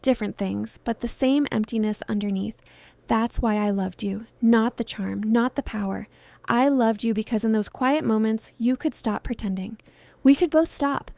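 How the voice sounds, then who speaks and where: A woman voicing a heartbroken film star in her thirties, speaking softly, tenderly and pleadingly in a dramatized story. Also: a little high, normal speed, gravelly, no room sound. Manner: soft, pleading, intimate.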